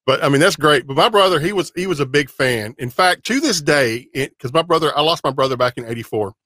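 A man's voice: a little high, animated, fast talker, bright, forceful tone, no room sound, studio quality. A man from Texas hosting a casual interview, friendly and restarting his words as he talks. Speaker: podcast host.

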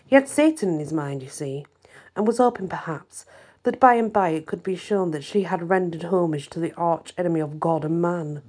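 A woman hosting her own channel, reading a historical novel aloud in a steady storytelling manner. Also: fairly low pitch, normal speed, breathy edge. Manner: steady storytelling, voices quotes lightly. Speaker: channel host and reader.

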